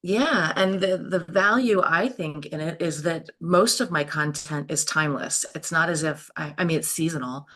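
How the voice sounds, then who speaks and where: A woman, telling homestead stories in a lively, animated way as an interview guest. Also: low voice, normal speed, few pauses. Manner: lively, animated storyteller with frequent laughs. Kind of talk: storytelling in an interview.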